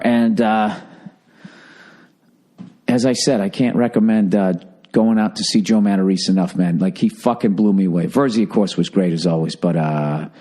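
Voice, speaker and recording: A man from the Boston area hosting a podcast, telling a rambling, profane story that jumps into high-pitched bursts for emphasis. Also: dark tone. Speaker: podcast host. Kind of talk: casual storytelling monologue.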